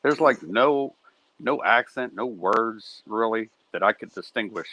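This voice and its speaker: A man's voice: fairly low pitch, a little slow, bright, forceful tone, low-quality recording. A middle-aged man with a Pittsburgh accent, chatting casually and telling stories, often checking in with "right?". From Pittsburgh area. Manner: storytelling, asks tag questions like "right?". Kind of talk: casual chat.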